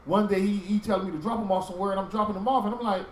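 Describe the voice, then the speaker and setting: A man teaching a religious group in sermon style, with animated storytelling that acts out street talk. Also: high voice, rapid-fire, roomy sound, far from the mic, a little hiss or hum, rough recording.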